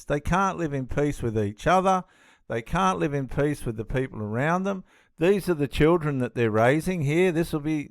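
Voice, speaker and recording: A man's voice: a little high, no echo, studio quality. A man giving indignant, emphatic reaction commentary on a clip, often repeating himself.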